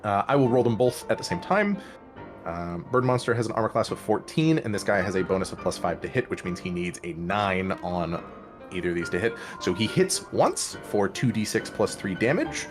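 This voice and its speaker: A man's voice: on the low side, very animated, normal speed. A man acting as dungeon master, running a tabletop game and methodically explaining rules and dice rolls step by step, with music playing underneath. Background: background music.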